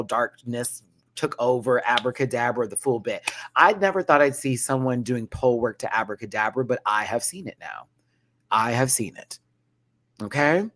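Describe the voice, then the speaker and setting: A young man telling a vlog storytime, dramatic and full of slang, with bursts of high laughter. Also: a bit bright. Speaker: vlogger. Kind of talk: animated storytime rant.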